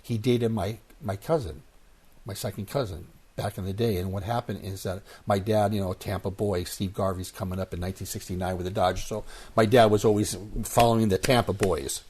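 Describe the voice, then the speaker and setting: A man in his sixties telling stories as an interview guest, animated and acting out the voices of people he quotes. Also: on the low side, a little fast, husky. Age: 60s. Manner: animated storyteller who acts out quoted voices. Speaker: guest, former baseball player. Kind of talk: casual storytelling interview.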